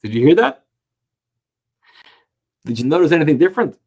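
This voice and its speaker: A man, a rabbi, teaching a Torah class, telling stories with animated rhetorical questions. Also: on the high side, brisk, breathy edge.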